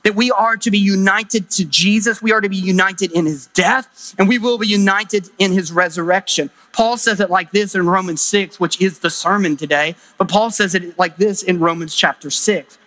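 A man's voice: high-pitched, normal speed, hardly any pauses, sharp tone. A middle-aged man preaching a sermon as pastor, emphatic, with rising exclamations.

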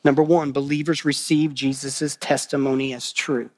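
A pastor preaching a sermon, earnest, repeating phrases for emphasis and asking the listeners questions. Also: male voice, medium pitch, flat delivery, moderate pace, a little mellow, no room sound.

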